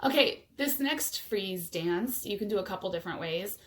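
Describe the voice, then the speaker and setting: A woman's voice: mid-range voice, expressive, moderate pace, slight background noise. A woman teacher showing a movement game on video, cheerful and chanting rhythmic cues for toddlers. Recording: echoey room, voice from far off.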